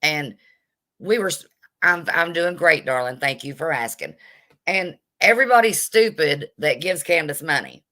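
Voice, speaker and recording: This vlogger is a woman whose bright, forceful voice is low-pitched and animated, moving at a normal pace. She rants indignantly and bluntly with lots of sass in a live commentary, stopping now and then to welcome her viewers.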